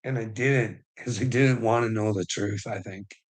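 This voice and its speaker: A man's voice: lowish voice, fairly even intonation, normal speed, poor audio. A middle-aged man ranting casually on a livestream, swearing, rambling and laughing often. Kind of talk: casual live rant.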